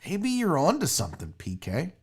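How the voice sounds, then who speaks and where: A man's voice: a little high, huge pitch swings, normal speed, breathy edge. A man hosting a casual sports livestream, rambling, jokey and profane, fiddling with his screen as he talks. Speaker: sports show host.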